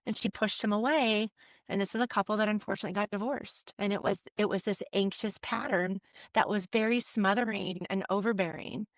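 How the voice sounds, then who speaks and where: Therapist américaine, ton vif et explicatif, voix sèche et proche du micro. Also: female voice, mid-range voice, a little fast, dry recording. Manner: lively, explains with acted-out examples and restarts. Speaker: couples therapist, guest. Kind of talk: explanatory interview talk.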